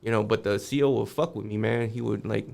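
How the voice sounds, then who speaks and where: A man's voice: on the low side, fairly even intonation, a little fast, creaky, darkish tone. A man guest on a podcast, telling a street story casually, swearing freely and acting out the voices of the people in it.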